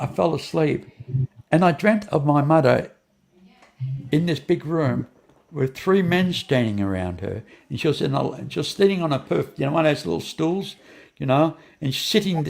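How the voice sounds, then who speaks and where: A gravelly, slightly high-pitched older man speaks. He tells a personal story in a rambling way, restarting and repeating himself, and acts out the other people's lines as he goes. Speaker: guest.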